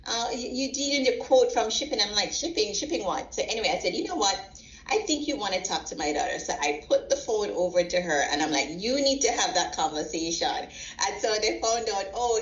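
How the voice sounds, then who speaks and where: Woman, proud parent guest, tells animated stories and acts out the quotes, recorded in a roomy space with dull audio. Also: medium pitch. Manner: animated storyteller acting out quotes. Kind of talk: casual interview. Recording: roomy, slightly dull sound.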